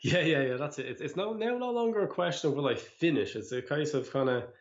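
A man's voice: fairly high pitch, animated, fairly quick. Easygoing man hosting, slightly dull audio. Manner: jokey, easygoing, asks questions. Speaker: podcast host. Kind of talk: casual podcast chat.

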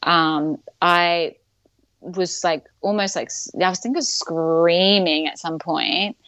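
A woman's voice: on the low side, takes it slowly, a bit bright, no room sound. A woman casually recounting a birth story, chatty with lots of fillers and frequent laughter. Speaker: guest.

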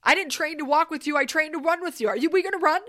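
A woman voicing her pushy male running trainer who challenges her to run, fast and loud. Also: high-pitched, voice pushed up. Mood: challenging.

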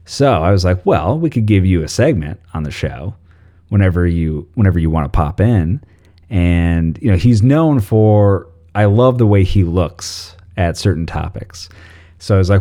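A man's voice: low voice, expressive, moderate pace, mellow. A man hosting a podcast, introducing a new segment in a casual, rambling way with many fillers. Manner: rambling, full of fillers and restarts. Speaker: podcast host.

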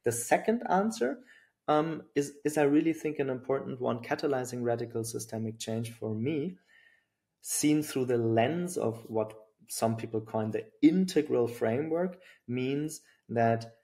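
Gravelly German-accented man. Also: medium pitch, lively intonation, a little slow, dark tone. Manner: thoughtful, many fillers and restarts. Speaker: guest. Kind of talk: reflective interview talk.

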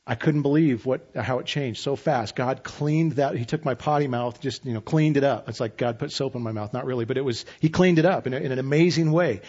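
A man in his fifties preaching a sermon as pastor, relaxed and conversational with self-deprecating humor. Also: medium pitch, brisk, few pauses, husky, muffled recording.

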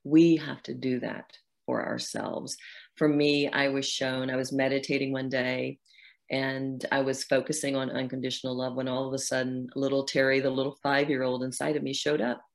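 Low creaky-voiced woman, earnest storyteller. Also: level tone, moderate pace. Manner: earnest, storytelling, acts out inner dialogue. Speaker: guest author. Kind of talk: reflective interview talk.

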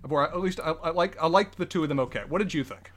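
A man co-hosting a casual film-review podcast, explaining the story in thorough detail. His voice sits a little high, and he speeds through stretches in quick bursts before settling again. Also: fairly bright tone. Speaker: podcast co-host. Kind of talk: casual movie review chat.

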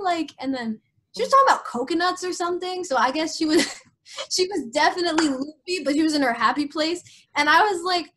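A young woman telling a personal story in a casual, rambling way, full of fillers and restarts, dropping soft and low at the sad parts. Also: quick pace. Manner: frequent filler "like", trailing restarts. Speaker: guest sharing a personal story.

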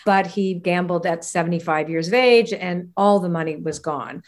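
A woman from Canada speaks as an interview guest, telling her life story with lively energy and frequent laughter. She slips into the voices of the people she quotes as she goes, keeping the tone conversational. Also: lowish voice, moderate pace. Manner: animated, laughs often, acts out quoted voices.

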